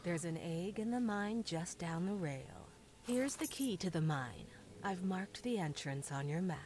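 Game quest-giver, lowish voice, calm, matter-of-fact. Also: female voice, a little slow. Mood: briefing. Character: female quest-giver briefing the player. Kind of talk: game character dialogue.

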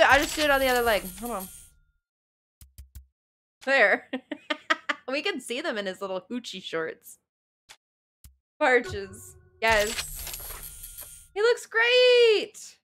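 A woman's voice: a little high, sharp tone. A young woman streamer chatting playfully to herself and laughing often while playing a video game live.

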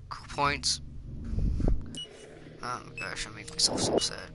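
A man streaming a shooter game, rambling and excitable, often poking fun at himself as he plays. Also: medium pitch, slow pace, gravelly, pauses often, very noisy. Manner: rambling, excitable, self-mocking. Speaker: gaming streamer. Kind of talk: live gameplay commentary. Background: loud game music.

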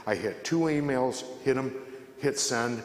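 A man addresses a church congregation with a fervent, emphatic testimony, often voicing his own prayers as if speaking them again. His voice sits at an ordinary middle pitch. The recording is roomy, with a long reverb trailing through the large church. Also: measured pace. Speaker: Catholic speaker giving a witness talk. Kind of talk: spoken testimony to a church audience.

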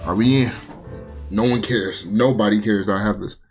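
A young man giving casual, joking commentary while playing a video game, prone to loud exclamations. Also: lowish voice, moderate pace, faint music behind. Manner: excitable, joking, shouts and exclamations. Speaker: gaming video host.

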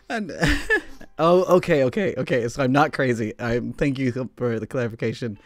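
A male host chatting loosely and rambling, often tripping over words and starting sentences again. His voice sits at a middle pitch. Faint music plays underneath. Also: moderate pace, darkish tone, no room sound. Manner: rambling, stumbles and restarts often. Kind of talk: casual chat.

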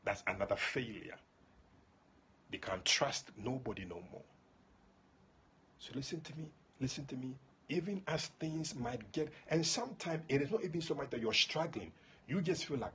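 A man's voice: a little high, expressive, fairly quick, breathy edge. A man preaching at a livestreamed prayer meeting, fervent, calling on listeners by name and repeating his points. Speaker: prophet and prayer leader.

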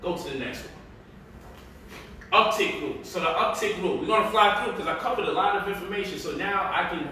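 A man's voice: high voice, a little fast, bright, forceful tone, slight background noise. A man hosting a casual livestream, teaching stock investing in a loose, joking, slangy way from his home. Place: home, indoors. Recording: echoey room, mic at a distance.

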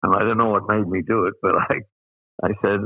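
An older Australian man, appearing as an interview guest, rambles through anecdotes packed with "uh" fillers and laughs. His voice is fairly low and steady, a little fast, and the audio is narrow and tinny with no echo.

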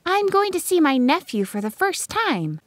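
A woman's voice: very high voice, moderate pace, no echo, studio quality, voice pushed up. A woman voicing an earnest, spirited eighteen-year-old schoolteacher in an audiobook. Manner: lively, bright-toned dialogue reading.

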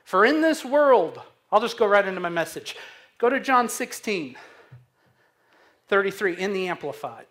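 A man pastor preaching a sermon, slow and emphatic, asking the congregation questions to fill in. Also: high-pitched, very animated, a bit bright. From Missouri.

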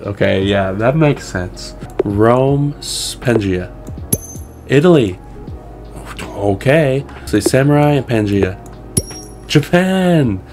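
A man giving casual gameplay commentary as a streamer, excitable, laughing and swearing at his own failures, with faint music behind him. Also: mid-range voice. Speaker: gaming streamer.

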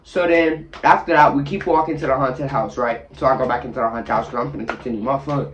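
A man's voice: mid-range voice, steady tone, fast talker, fairly bright tone. A man vlogging a dramatic story from his bathroom, acting out scenes with sound effects and voices. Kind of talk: animated storytelling. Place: bathroom, sitting on the toilet.

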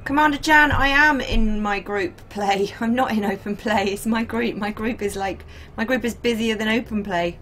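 A woman's voice: medium pitch, normal speed, few pauses, fairly bright tone. Chatty woman streamer. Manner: chatty, laughs often, reads chat aloud. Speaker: game streamer. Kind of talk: casual live-stream chat.

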